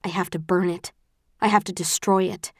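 A woman with a fairly low voice narrates a first-person audiobook in a measured, even manner. The scripted reading is recorded in clean studio sound with no room echo.

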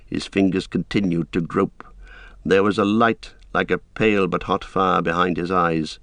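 Man, audiobook narration, low voice, steady, measured, dry close mic. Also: dry recording. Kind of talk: scripted narration.

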